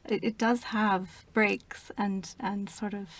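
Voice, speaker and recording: A woman with a gravelly, creaky edge to a voice of middling pitch. As an interview guest she works through her ideas thoughtfully and at a measured pace. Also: fairly even intonation. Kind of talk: conversational interview.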